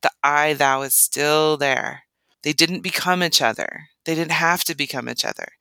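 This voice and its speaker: A woman's voice: bright, forceful tone, clear, resonant tone, no echo. A woman co-hosting a relationship podcast, explaining in an earnest way and briefly acting out quoted lines. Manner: earnest, acts out quoted lines with lifted pitch. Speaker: podcast co-host, relationship coach.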